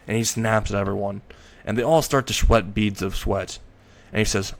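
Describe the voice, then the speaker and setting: Low-voiced male narrator, improvising a fan story, rambles and self-corrects. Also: steady tone, moderate pace.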